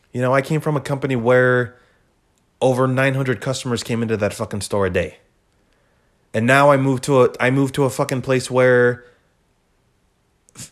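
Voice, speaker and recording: A young man talks alone into the mic for his podcast, at an unhurried pace. His voice sits on the low side. He rambles, swears often and stumbles through restarts and fillers as he thinks aloud. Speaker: podcast host. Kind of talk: casual solo podcast monologue.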